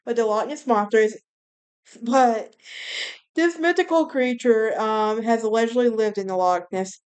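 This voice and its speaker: A woman's voice: fairly high pitch, measured pace, darkish tone, smooth. A woman hosting a casual solo podcast, telling a story in a rambling way, often correcting herself and laughing at her own telling. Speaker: podcast host.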